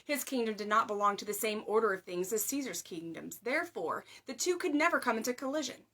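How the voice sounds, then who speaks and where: A woman with a bright, slightly high voice reads a story aloud. She is expressive, dropping to a hush for quiet moments and rising for loud ones. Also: a little fast. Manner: expressive, raises voice for crowd shouts, hushed for quiet lines. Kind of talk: reading a book aloud.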